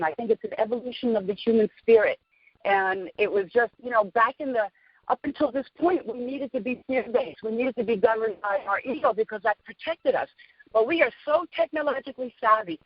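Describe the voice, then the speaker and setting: Husky woman, earnest and opinionated. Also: on the high side, no echo. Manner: earnest, opinionated, agreeing often. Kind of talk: casual interview chat. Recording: dry, dull lo-fi audio.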